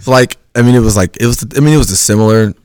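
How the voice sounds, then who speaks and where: A man's voice: mid-range voice, rapid-fire, darkish tone, smooth, dry recording. A young man co-hosting a podcast, rambling animatedly with restarts in crude banter. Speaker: podcast co-host.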